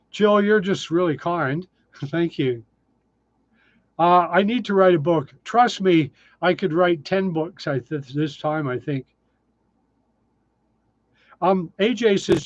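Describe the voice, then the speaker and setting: Man, 60s, livestream host, casual and self-deprecating, somewhat high voice, dry lo-fi sound. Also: dry recording. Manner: chatty, self-deprecating, answers viewer questions. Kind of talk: casual live chat reading comments.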